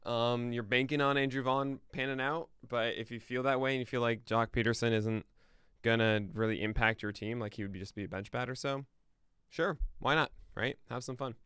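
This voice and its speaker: A man from the United States chats casually with his audience on a live-streamed morning podcast from his home studio before running through the day's news, poking fun at himself and laughing at his own jokes. His voice is medium-pitched, steady, smooth and a bit bright at a moderate pace. The recording is dry and studio quality.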